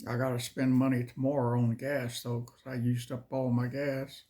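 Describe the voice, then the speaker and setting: A man reading scripture slowly and measuredly, then chatting casually as host. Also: medium pitch, flat delivery, mellow. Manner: slow, measured delivery. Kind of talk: Bible reading and casual chat.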